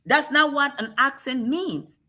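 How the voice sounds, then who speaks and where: A woman's voice: high-pitched, expressive, a little slow, bright, forceful tone. A woman from Africa with an African accent, hosting a casual talk-show discussion and making emphatic points with pointed rhetorical questions.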